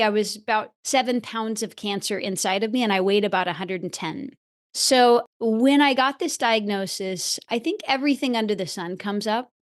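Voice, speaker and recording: A woman speaking as a podcast guest in an interview, earnest and expressive, stretching key words as she talks about her teaching. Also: fairly high pitch. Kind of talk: reflective interview talk.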